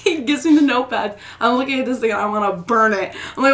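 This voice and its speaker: A woman's voice: fairly high pitch, fast, a bit bright, recorded from a distance. A young woman in her twenties, a guest on a podcast, telling a story in a bubbly, giggly way full of "like" and "oh my God". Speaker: guest singer-songwriter. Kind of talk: casual storytelling in an interview. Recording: roomy echo.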